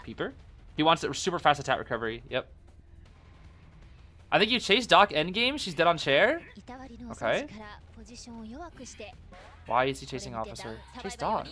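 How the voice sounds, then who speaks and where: A young man casually commenting on a tournament he is watching. He is excitable, uses slang, and breaks into shouts and cries of despair. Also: fairly high pitch, normal speed, pauses often. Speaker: gaming commentator reacting to a tournament. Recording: faint background music.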